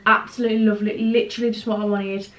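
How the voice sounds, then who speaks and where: A woman's voice: medium pitch, little pitch movement, rapid-fire, lo-fi sound. A young woman, chatting casually to camera in a rambling home vlog. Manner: chatty, rambling, drops to a near whisper at times. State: out of breath. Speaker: vlogger. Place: home, indoors.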